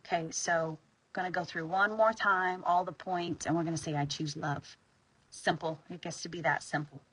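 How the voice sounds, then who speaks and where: A woman's voice: on the low side, steady tone, normal speed, fairly bright tone, slightly rough, low-quality recording. A woman guiding an EFT tapping session, talking informally, sighing on the exhales and sometimes pressing hard for emphasis.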